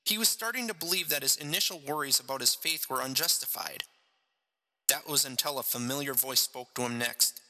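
Bright-voiced man reading his story. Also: mid-range voice, brisk, poor audio. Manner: jokey, chatty asides. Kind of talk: story narration and casual chat.

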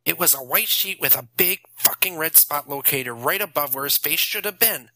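A man's voice: on the high side, normal speed, bright, forceful tone, voice pushed up, rough recording. A man voicing a cruel teenage boy bully who swears and taunts. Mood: gloating.

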